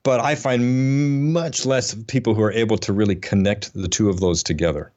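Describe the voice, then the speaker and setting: A man's voice: lowish voice, moderate pace, darkish tone, lo-fi sound. A man hosting a casual podcast, rambling and self-deprecating, with lots of fillers and restarts. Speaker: podcast host. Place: Atlanta area.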